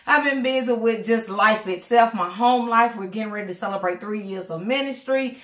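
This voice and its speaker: A woman's voice: a little high, a little fast. Chatty breathless woman in echoey room. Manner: chatty, rambling, excitable. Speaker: vlogger, doll collector. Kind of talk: casual unboxing vlog.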